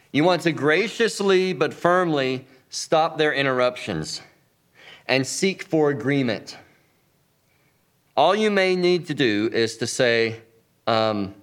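A man's voice: mid-range voice, a little slow. Man teaching conversation tactics. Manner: lively, acts out sample dialogue in quotes. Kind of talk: instructional talk.

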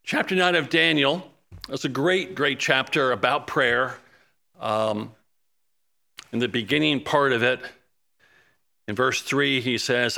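A man preaches fervently in a gravelly voice at a measured pace. He rises to urgent pleading when quoting prayers and drops low and soft when listing needs.

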